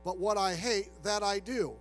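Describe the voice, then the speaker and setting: A man with a high voice delivers a sermon in a relaxed, conversational way and slips into the voices of the people he quotes. Soft music plays under him, and a mains hum sits in the background. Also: normal speed, poor audio. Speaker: pastor.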